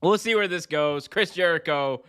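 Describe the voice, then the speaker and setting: A man's voice: on the high side, moderate pace, sharp tone, clean tone. A man co-hosting a podcast, chatting casually and laid-back, laughing often. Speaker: podcast co-host. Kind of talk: casual wrestling chat.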